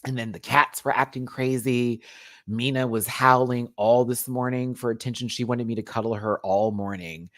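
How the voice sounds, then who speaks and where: A man hosting a casual live-stream review, chatty and sassy, calling viewers honey and child, often swooping up into high exclamations. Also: fairly even intonation, normal speed, a bit bright, dry recording, studio quality. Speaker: show review host.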